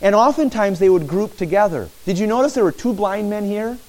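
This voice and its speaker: A man preaching a sermon in a church, animated and acting out pleading cries. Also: high-pitched, a little fast, low-quality recording.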